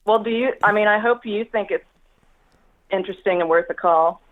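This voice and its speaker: A woman's voice: mid-range voice, normal speed, no echo, phone-quality sound. Eager rambling woman caller. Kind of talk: casual phone-in chat.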